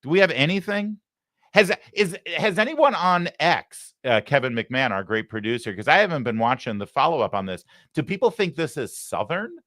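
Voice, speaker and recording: A man hosting a talk show, giving sarcastic, mocking commentary in an animated way. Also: a little high, moderate pace, dry recording, studio quality. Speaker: host.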